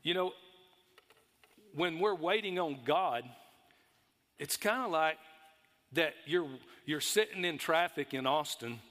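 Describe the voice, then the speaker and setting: A man's voice: on the high side, slow pace, pauses often, a bit bright. A man with a Texas accent preaching a sermon in a folksy, storytelling way to a church congregation. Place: church sanctuary. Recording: long reverb of a large hall.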